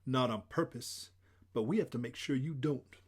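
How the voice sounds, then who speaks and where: A man voicing a calm, patient female schoolteacher who speaks slowly and soothingly in an audiobook. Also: medium pitch, slightly rough, natural voice. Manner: slow, measured, soothing. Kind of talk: audiobook character voice.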